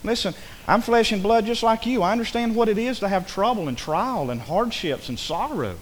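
A man preaching a sermon in a church, animated and conversational, with quick asides and acted-out quotes. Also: high-pitched, slight background noise. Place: church sanctuary. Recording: long hall reverb.

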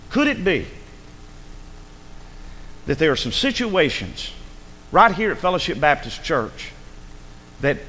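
A man's voice: mid-range voice, fairly bright tone, long reverb tail, a little hiss or hum. A male pastor preaching a sermon in a church, urgent and rhetorical, pressing his listeners with repeated questions. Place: church sanctuary.

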